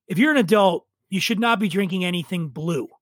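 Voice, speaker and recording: A middle-aged man with a high voice talks in a loose, profane, opinionated way, spinning stories in casual conversation. The sound is dry and close. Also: brisk, no echo. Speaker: podcast guest. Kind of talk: casual chat.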